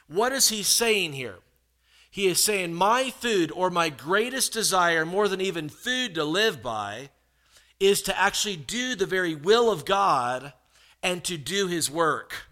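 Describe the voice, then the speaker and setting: A man preaching a sermon, animated and expressive, acting out the people he quotes with big swings in pitch and loudness. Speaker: pastor.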